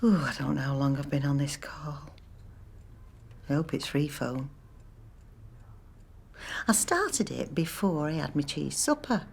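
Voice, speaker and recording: A chatty older woman, low-voiced. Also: lively intonation, measured pace, vocal fry, long pauses, breathy edge, full character voice. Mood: wry musing. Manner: rambling, dry-humoured musing to herself. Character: chatty, wry older woman on hold on the phone. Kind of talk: film monologue acting.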